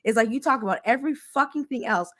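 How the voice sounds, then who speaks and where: A woman's voice: a little high, fast talker, fairly bright tone. A woman co-hosting a casual chat, blunt and exasperated, swearing freely as she presses her point.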